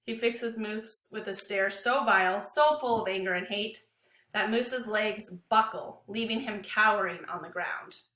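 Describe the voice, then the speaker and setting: A woman teacher reading a novel aloud to her class with an expressive, dramatic delivery. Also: medium pitch, a little slow, roomy sound.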